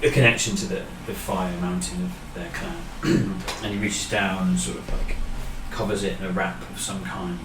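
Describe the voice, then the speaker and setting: A man narrating a tabletop game as game master, relaxed and halting, with many fillers. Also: on the low side. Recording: echoey room, distant mic, background noise.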